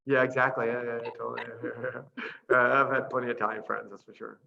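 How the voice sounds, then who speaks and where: A man who is a priest and orphanage director, chatting casually over a video call, animated and laughing often as he tells stories. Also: mid-range voice, quick pace, creaky, muffled recording, a little hiss or hum. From Boston area. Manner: laughing often, animated storytelling with voiced asides.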